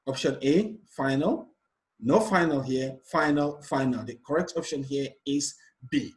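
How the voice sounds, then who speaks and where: A man's voice: mid-range voice, a little slow, low-quality recording. A man, a teacher patiently going through exam stress questions one by one. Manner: patient, repetitive explanation. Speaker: English teacher. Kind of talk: exam revision lesson.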